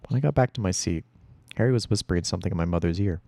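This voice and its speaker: A man reading a first-person story aloud in a steady storytelling voice. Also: deep voice, very fast, gravelly, dry recording. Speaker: audiobook reader.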